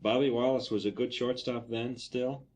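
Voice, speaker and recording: A man's voice: medium pitch, level tone, moderate pace, darkish tone, rough recording. Man asking curious interview questions.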